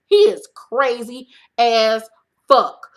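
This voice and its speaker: A woman's voice: sing-song, extremely slow. A woman hosting her own show, giving a blunt, profane, sassy recap of a reality TV episode. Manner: acts out her own reactions in a high voice. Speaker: host.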